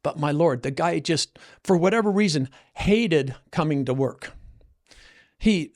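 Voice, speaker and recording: A man's voice: fairly high pitch, animated, a little slow, darkish tone. A man in his sixties, hosting a casual chat and earnestly telling stories with many restarts. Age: 60s. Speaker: host, coach.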